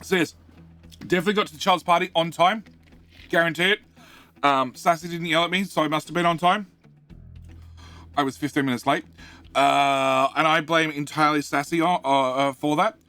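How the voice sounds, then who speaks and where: A middle-aged Australian man with a light accent, chatting on a game live stream. His voice is bright and a bit high, and he rambles and laughs at himself between fillers. Faint music plays behind him. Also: fairly even intonation, moderate pace, pauses often, smooth. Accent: Australian, though light. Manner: rambling, self-mocking, reads chat aloud; many fillers and restarts. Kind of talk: casual live-stream chat.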